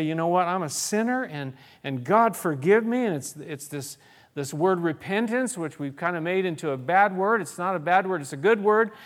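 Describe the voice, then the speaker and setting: A man preaches a sermon in an earnest way, reading scripture aloud and often stopping to restart a phrase. His voice sits a little high for a man. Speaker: pastor.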